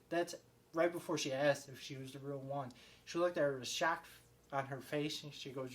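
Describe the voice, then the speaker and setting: A man giving a casual, rambling spoken movie review, excitable and full of fillers and restarts. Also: mid-range voice, normal speed.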